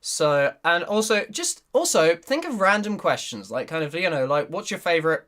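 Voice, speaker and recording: This young adult YouTuber and voice actor runs a laid-back livestream Q&A, speaking at a normal pace in a sing-song, slightly bright voice that sits on the high side. Giggling a lot, he rambles through chat messages and keeps starting his sentences over.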